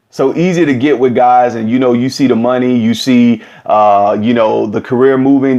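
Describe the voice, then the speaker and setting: A man hosting a vlog, telling a story in casual, slangy talk straight to his viewers. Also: medium pitch. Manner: animated, slangy, direct address. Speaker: vlog host.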